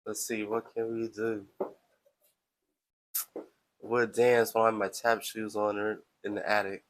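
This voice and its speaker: A man's voice: lowish voice, little pitch movement, a little slow, a little hiss or hum, rough recording. A man hosting a live stream, talking casually in a playful, chatty, self-promoting way.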